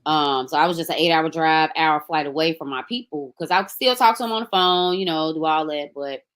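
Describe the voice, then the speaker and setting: A woman from Memphis with a Southern accent, a podcast guest telling her story in a relaxed, conversational way. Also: low-pitched, a little fast. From Memphis, Tennessee. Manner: relaxed, conversational, animated when quoting others. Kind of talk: casual storytelling interview.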